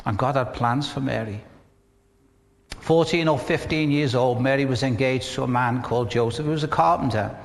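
A man's voice: mid-range voice, normal speed, vocal fry, big-room sound. A man with a Northern English accent, preaching a sermon in a conversational way, with rhetorical questions and humor. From northern England. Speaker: pastor.

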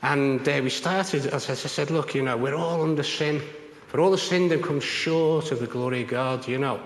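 A man, a prison chaplain, telling a story in conversation and acting out the voices of the people in it. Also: moderate pace. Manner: animated, acts out others' voices with big pitch jumps. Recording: echoey room with long reverb.

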